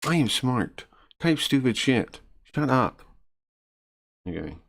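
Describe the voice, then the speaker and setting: A man's voice: sing-song, slow, gravelly, a bit bright, slight background noise. Brash, combative male streamer. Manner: combative, mocking, crude and blunt; drops to low muttering asides. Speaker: streamer answering chat. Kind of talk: casual live-stream rant.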